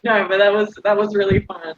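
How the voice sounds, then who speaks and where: A woman's voice: mid-range voice, fairly even intonation, fairly quick, highs cut off, slight background noise. A woman chatting playfully as a player, giggling often. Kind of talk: casual chat.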